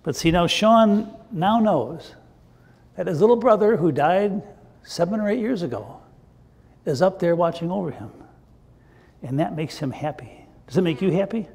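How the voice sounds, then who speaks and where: A man's voice: high voice, expressive, moderate pace, creaky, long pauses, a little mellow, in a large hall. An older man, a pastor, telling a children's sermon in a playful, chatty way with the kids. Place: church sanctuary.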